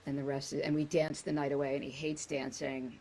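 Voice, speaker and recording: A woman's voice: low-pitched, flat delivery, a little fast, dark tone, a little hiss or hum, low-quality recording. A woman in her forties, a podcast guest, telling blunt, chatty, self-deprecating stories. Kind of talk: casual comedic storytelling.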